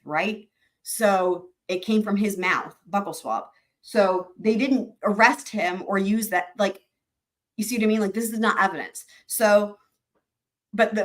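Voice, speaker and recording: A woman's voice: mid-range voice, fairly bright tone. A woman hosting a livestream, reading court filings aloud and explaining them to viewers in a chatty way with many fillers. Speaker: host of a legal commentary livestream.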